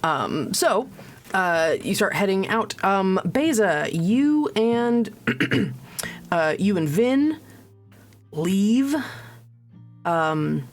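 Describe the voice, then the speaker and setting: A woman narrating as game master of a tabletop game, halting with many pauses and restarts. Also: medium pitch, lively intonation, faint music behind. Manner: halting, lots of ums and restarts, laughs. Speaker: dungeon master.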